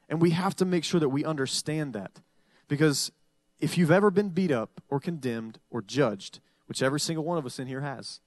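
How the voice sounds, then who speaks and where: A male pastor delivers a casual, conversational sermon in a noticeably high voice. He slips into the imagined voices of his listeners to make his points. The sound is dry and close. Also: fairly bright tone, no room sound. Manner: conversational preaching, acting out congregants' voices.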